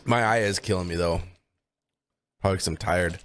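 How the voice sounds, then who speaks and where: Low-voiced laid-back podcast guy. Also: a little fast, slight background noise. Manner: laid-back, swears casually, defensive when teased. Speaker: podcast co-host. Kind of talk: casual banter.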